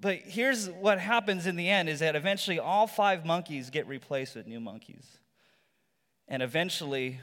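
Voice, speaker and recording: A male pastor giving a sermon in a relaxed, conversational storytelling manner, with rhetorical asides to the congregation. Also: fairly high pitch. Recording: long reverb from a large hall.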